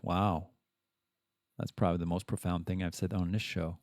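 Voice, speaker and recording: A man's voice: deep voice, little pitch movement, normal speed, dry recording, clean studio sound. A man hosting a podcast, talking in a rambling, casual monologue full of restarts and the odd swear word. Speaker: podcast host.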